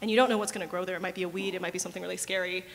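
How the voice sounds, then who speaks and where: A woman's voice: on the low side, steady tone, rapid-fire, vocal fry, big-room sound, a little hiss or hum. A woman speaking on a conference panel, thoughtful and hesitant, with many fillers.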